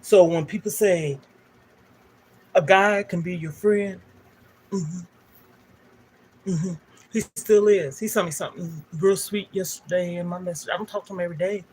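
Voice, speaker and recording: A woman's voice: on the low side, a little slow, pauses often, a little mellow, a little hiss or hum. An older woman, a livestream host telling a candid, emotional personal story straight to her viewers.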